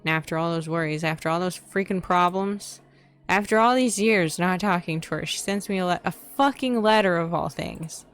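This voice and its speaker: A woman voicing a blunt, quick-tempered bartender who stammers and rants, reading a story game aloud. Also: fairly low pitch, steady tone, soft background music, lightly acted. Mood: angry.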